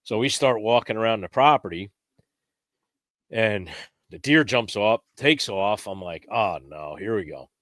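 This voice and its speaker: A man telling a lively, casual story as a podcast guest, raising his pitch when he acts out what others said. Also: a little slow, no room sound, clean studio sound.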